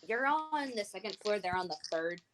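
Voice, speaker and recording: A woman's voice: medium pitch, expressive, normal speed, fairly bright tone, slight background noise. Hesitant woman game master. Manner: hesitant, many fillers. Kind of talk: running a tabletop role-playing game.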